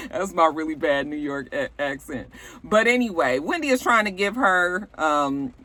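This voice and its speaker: A woman's voice: low voice, expressive, moderate pace, bright, forceful tone. A young adult woman giving a blunt, gossipy recap of a reality show, full of asides and swearing. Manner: sassy, blunt, gossipy, with frequent asides and profanity. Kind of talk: casual recap commentary.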